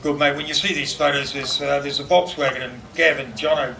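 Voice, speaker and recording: A man's voice: fairly high pitch, fairly even intonation, a little fast, vocal fry, sharp tone. A middle-aged man giving a rambling memorial speech, full of fillers and laughing through anecdotes. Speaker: eulogist at a memorial. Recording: distant mic with background noise.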